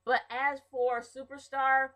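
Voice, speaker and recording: Her voice sits high and slow, with a level, fairly bright tone, captured on a rough recording. She's a woman in her thirties casually giving opinions to camera on viewer questions, full of ums and little restarts.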